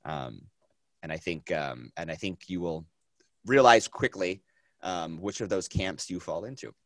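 A man lecturing a film class speaks in a lower-pitched voice, energetic and chatty, repeating his phrases and filling them with fillers. His pace is measured, and the recording is dry and close, with almost no room and no echo.

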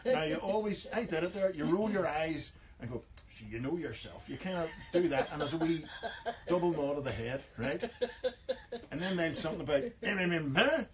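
A man's voice: on the high side, a little fast, a crowd in the background. A man with a Northern Irish accent hosting a comic radio chat, acting out everyday phrases in jokey voices. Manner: jokey, acts out overheard phrases. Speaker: radio host.

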